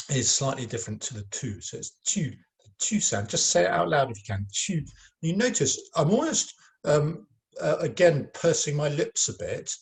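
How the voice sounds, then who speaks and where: A middle-aged man teaching a recorded French lesson to children, patient and encouraging, modelling sounds slowly between many fillers. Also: on the high side, very animated, creaky.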